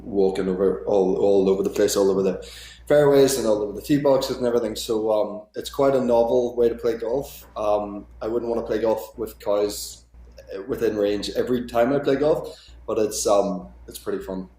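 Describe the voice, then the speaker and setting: A man in his thirties, a guest actor, chatting casually in an interview and often pausing with ums and restarts. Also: on the low side, mellow, roomy sound. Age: 30s. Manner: hesitant, many ums and restarts.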